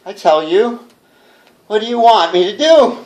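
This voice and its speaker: A man's voice: sits high, expressive, unhurried, a little mellow. A man performing a jittery radio announcer who chatters nervously to his listeners and laughs to himself, read live before an audience in a bookstore. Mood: unhinged. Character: jittery male radio announcer alone in a haunted house. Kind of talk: live reading of a one-man radio play.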